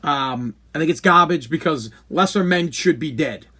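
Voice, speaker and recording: A man's voice: a little high, normal speed, sharp tone, husky. A man, telling a long personal story on his podcast, candid and rambling, with many restarts. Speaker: podcast host. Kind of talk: casual storytelling monologue.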